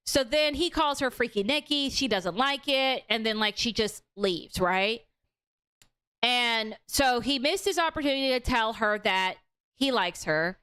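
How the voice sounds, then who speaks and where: Casting note: young woman, high clear voice, blunt and animated, livestream film-review host. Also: a little slow. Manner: animated, outspoken, swears freely. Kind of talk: casual livestream movie review.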